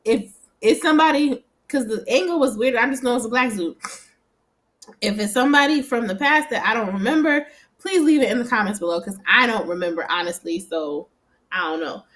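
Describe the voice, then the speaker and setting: A woman casually recapping a TV episode at home, chatty and animated, often laughing and swearing as she quotes the characters. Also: a little high, fairly quick. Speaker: TV recap vlogger. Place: home room.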